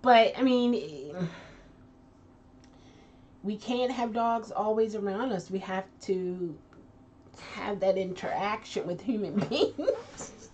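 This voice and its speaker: Reading out viewer comments on a casual live chat, this host talks loosely, laughs a lot, and keeps restarting trailing thoughts. Her mid-range voice has lively intonation and a darkish tone, and she goes slowly with long pauses. The distant lo-fi mic picks up faint noise.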